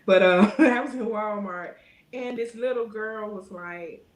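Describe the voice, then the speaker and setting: A middle-aged woman, talking in a casual interview and filling her speech with "you know", getting lively when she tells stories. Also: medium pitch, a little slow, roomy sound. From Alabama. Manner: rambling, frequent "you know" fillers; animated when telling stories. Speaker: guest.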